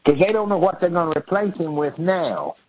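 A man's voice: a little high, expressive, fairly quick, a little mellow. A man, co-hosting a talk radio show in casual, mocking banter. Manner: folksy, mocking, slips into comic voices for people he mocks. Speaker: radio co-host. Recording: dull lo-fi radio sound with faint noise.

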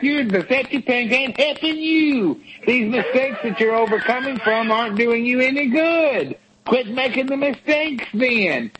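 A man's voice: extremely high pitch, fairly bright tone, a little hiss or hum, rough recording. A man on a talk show, lecturing and scolding in a blunt, profane, emphatic way. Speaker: co-host. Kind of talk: blunt tough-love talk show rant.

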